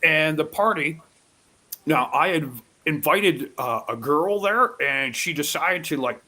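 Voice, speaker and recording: A man telling a rowdy story in casual live chat, swearing freely and acting out loud quotes. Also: on the high side, a little slow. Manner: profane, animated storytelling with loud acted-out quotes. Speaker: guest storyteller.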